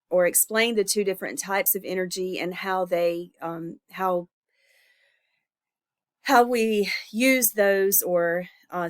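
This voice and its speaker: A woman instructor recording a lecture, her voice stuffy and congested from illness, speaking informally with fillers and self-corrections. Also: on the low side.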